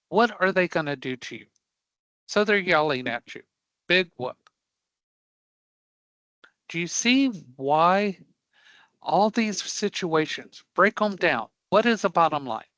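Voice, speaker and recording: Bright-voiced, emphatic male instructor. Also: high-pitched, animated, measured pace, dry recording, low-quality recording. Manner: emphatic, checks in with frequent rhetorical questions; blunt and dismissive of angry customers. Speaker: career prep instructor. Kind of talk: live online class lecture.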